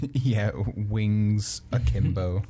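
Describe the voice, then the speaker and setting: A blunt man playing a tabletop game who swears freely. His voice is low and mellow. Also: steady tone, drawn-out words. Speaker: player. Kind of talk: casual tabletop play.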